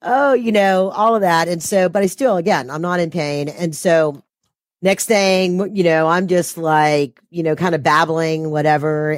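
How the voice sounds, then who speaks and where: A woman's voice: low voice, no echo, studio quality. A woman telling a personal story as an interview guest, her voice rising when she quotes herself.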